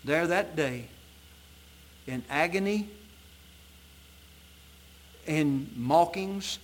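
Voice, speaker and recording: Slow, emphatic preacher man. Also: lively intonation. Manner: emphatic, swelling to loud peaks then dropping low and soft; reads scripture in old-fashioned wording. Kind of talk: sermon. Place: church sanctuary at an evening service.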